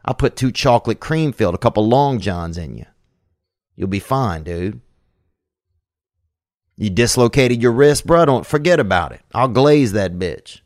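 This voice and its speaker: A man's voice: mid-range voice, expressive, moderate pace, pauses often, no room sound, studio quality. A man hosting a podcast in casual chat, rambling and profane, scattering "man" and "bro" through his talk. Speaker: podcast host.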